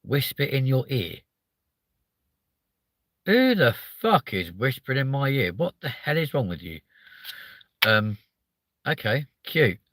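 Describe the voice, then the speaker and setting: A man's voice: mid-range voice, big pitch swings, measured pace, fairly bright tone, dry recording. A man with a southern English accent hosting a live stream, chatting casually, swearing a lot and sounding hyper as he reads out viewer comments. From southern England.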